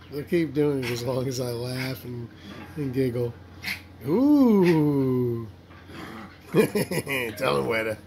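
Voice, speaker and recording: A man's voice: medium pitch, animated, slow, pauses often, background noise. A man talking to his dogs as their owner, doting and coaxing, praising them and laughing often. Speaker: dog owner. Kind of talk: casual talk to his pets.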